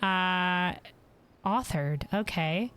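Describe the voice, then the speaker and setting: A woman's voice: fairly low pitch, very slow, fairly bright tone, clear, resonant tone. A woman streaming a game, talking casually and rambling, self-deprecating and reading chat messages aloud.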